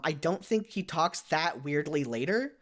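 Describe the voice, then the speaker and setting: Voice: mid-range voice, lively intonation, unhurried, fairly bright tone. A podcast co-host in casual chat, rambling with lots of "like" and frequent self-corrections.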